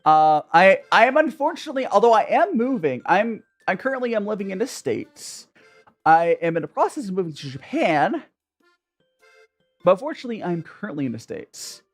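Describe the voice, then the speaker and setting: A livestreamer in casual chat who rambles from thought to thought and greets viewers by name. The voice is middle-pitched and swings up and down a lot. Faint music plays behind. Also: big pitch swings, moderate pace. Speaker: tea-drinking livestreamer.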